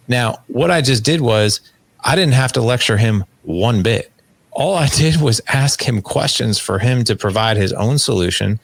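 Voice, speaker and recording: A man's voice: medium pitch, normal speed, vocal fry, no room sound. A man in his forties, a podcast guest coaching fathers, telling stories and acting out dialogue in casual conversation. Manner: animated storyteller acting out dialogue.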